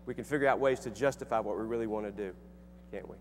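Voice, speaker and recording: A middle-aged man, a speaker and author, talks fast in a fairly low voice, sharing a personal story with an audience. He's earnest and conversational, restarting sentences and using fillers. The hall is echoey, with a faint hum.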